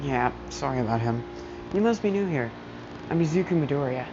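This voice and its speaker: A woman's voice: rumbling low, a little fast. A woman voicing a brave teenage boy hero who steps in to defend others, with heated retorts. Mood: friendly. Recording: muffled lo-fi mic, steady background noise.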